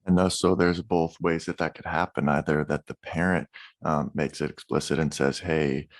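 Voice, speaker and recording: A man hosting a podcast interview, speaking slowly and measuredly and affirming his guest. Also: a bass voice, flat delivery, no room sound. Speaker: podcast host.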